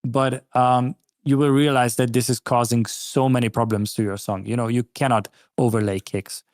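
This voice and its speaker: A man talks through a listener's track in a patient, advising way, full of "you know" and small restarts. His voice sits at an ordinary middle pitch. It is recorded close and dry, with no room sound. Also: steady tone, normal speed, darkish tone, dry recording. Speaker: guest track reviewer. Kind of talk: casual spoken feedback on a music track.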